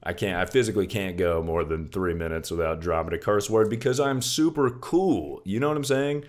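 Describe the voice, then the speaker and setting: A young man hosting a casual livestream, laid-back and joking, swearing freely and calling his chat "dude" and "brother". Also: a little fast. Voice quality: very deep voice.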